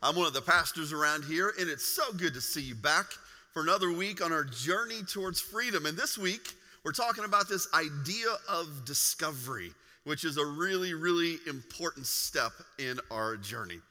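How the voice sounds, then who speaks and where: Pastor, male, preaching with lively humor, slightly high voice, long church reverb. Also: moderate pace. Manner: animated storytelling with humor. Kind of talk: sermon. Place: large church hall.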